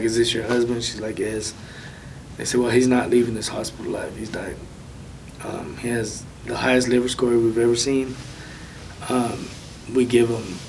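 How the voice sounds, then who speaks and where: Soft-spoken man telling his story. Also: medium pitch, recorded from a distance, slight background noise, low-quality recording. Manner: soft-spoken, halting, many ums. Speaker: interview guest. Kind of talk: personal testimony.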